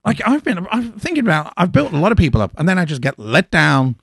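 A man's voice: sits high, wildly swooping pitch, fast, creaky, fairly bright tone, husky, dry recording, clean studio sound. A man telling a story on a casual podcast, flustered and giggly. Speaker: podcast co-host. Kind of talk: casual chat.

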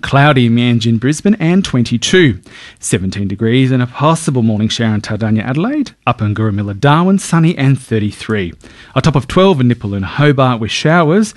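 A man with an Australian accent reading a radio news bulletin in a steady newsreader cadence, recorded in a radio studio. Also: medium pitch, a little fast, no echo. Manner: lively, even newsreading cadence.

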